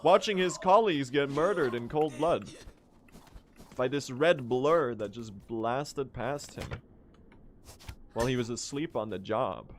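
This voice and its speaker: A man's voice: mid-range voice, unhurried, pauses often, slight background noise. A young man doing live, joking gameplay commentary as a speedrun streamer. He chats to his viewers and swears casually.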